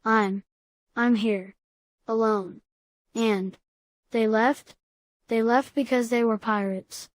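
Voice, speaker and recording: A woman's voice: fairly high pitch, fairly even intonation. A woman reading the part of a frightened boy who stammers as he thinks aloud. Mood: anxious. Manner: halting, stammering. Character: scared, clever boy Simon trapped in tunnels.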